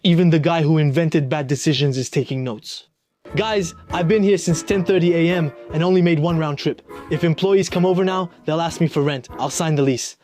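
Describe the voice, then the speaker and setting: A man's voice: a little high, steady tone, fairly quick, a little mellow. A young man vlogging a food challenge, tired and overfull, narrating with self-mocking jokes and dramatic complaints. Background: music.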